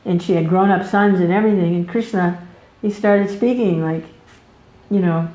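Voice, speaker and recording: A woman giving a devotional scripture class, telling the stories in an animated way, laughing often and jumping up in pitch. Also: moderate pace, roomy sound, poor audio.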